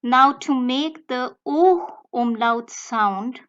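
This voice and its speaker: A woman language tutor giving a slow, deliberate step-by-step explanation of pronunciation. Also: high-pitched, a bit bright, clean tone, muffled recording. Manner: slow, deliberate, breaks words into careful phrases.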